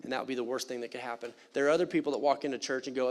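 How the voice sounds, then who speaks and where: A man preaching a sermon in a church, animated and conversational with playful asides. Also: medium pitch, very fast. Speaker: pastor. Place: church sanctuary.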